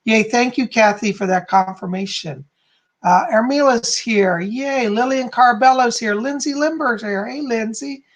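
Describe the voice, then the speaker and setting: A chatty man hosting a live stream, his voice carrying a gravelly edge. He talks casually and upbeat, calling out viewers' names and cheering them in. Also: very high-pitched, measured pace. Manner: chatty and upbeat, greeting viewers by name with frequent yays.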